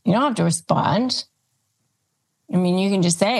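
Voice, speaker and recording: A woman host giving advice, walking through numbered steps with deliberate emphasis and acting out calm replies and knowing looks. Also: mid-range voice, husky. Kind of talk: instructional advice talk.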